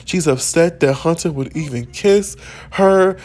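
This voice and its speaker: A man hosting a casual let's-play video, telling the game's drama in an excitable, gossipy way. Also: fairly high pitch, a little slow. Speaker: gaming video host.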